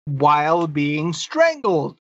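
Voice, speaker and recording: Woman podcast co-host, skeptical, slow, husky, lowish voice, dull dry lo-fi audio. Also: big pitch swings, no echo. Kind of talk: casual chat.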